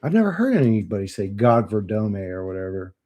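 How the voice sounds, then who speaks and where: A man's voice: on the low side, sing-song, fairly quick, dark tone, highs cut off. A man rambling casually to his stream chat, swearing and laughing often. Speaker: channel host.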